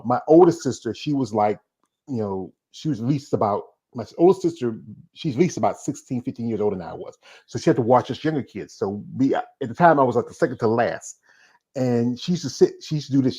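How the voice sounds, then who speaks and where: A man's voice: mid-range voice, lively intonation, fairly quick, mellow, breathy edge. A man in his forties from North Carolina, hosting a casual interview, rambling and repeating words as he talks. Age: 40s. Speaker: interview host. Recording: dull lo-fi sound.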